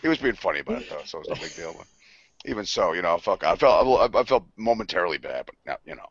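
A man's voice: sits low, big pitch swings, fast, slightly rough. Profane, laughing man on a lo-fi podcast. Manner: profane, laughing, acts out quoted voices. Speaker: podcast co-host. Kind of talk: casual storytelling chat. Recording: dull lo-fi sound, dry.

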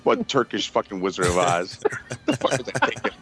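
A man's voice: fairly low pitch, wildly swooping pitch, a little fast, a bit bright, slightly rough. A man hosting a podcast in casual chat, telling crude, rambling stories and acting out quotes. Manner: crude, rambling storyteller who acts out quotes. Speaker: podcast host.

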